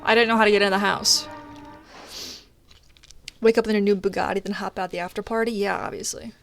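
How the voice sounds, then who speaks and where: A young woman streamer chatting casually while gaming, telling a story in an animated way and swearing often. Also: mid-range voice, fairly quick, vocal fry, soft background music.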